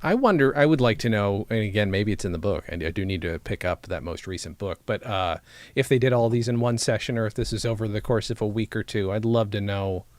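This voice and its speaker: A man hosting a podcast, chatting casually and thinking out loud. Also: fairly low pitch, a little fast, dry recording. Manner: thoughtful, wondering aloud with restarts. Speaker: podcast host.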